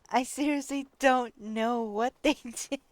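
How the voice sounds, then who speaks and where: Giggly slow-talking New woman streamer. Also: high voice, no room sound. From New York. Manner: giggly, laughs often between short remarks. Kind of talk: casual live-stream chat.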